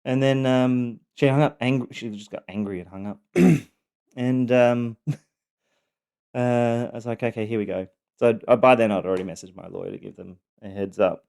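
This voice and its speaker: A man telling his personal story, speaking haltingly with many pauses and restarts. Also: mid-range voice, steady tone, creaky, a little mellow, clean tone.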